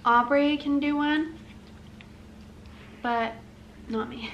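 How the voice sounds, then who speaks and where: A woman's voice: high-pitched, fairly even intonation, extremely slow, muffled recording, slight background noise. A young woman vlogging, chatting casually and reading out questions to her husband. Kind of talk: casual chat.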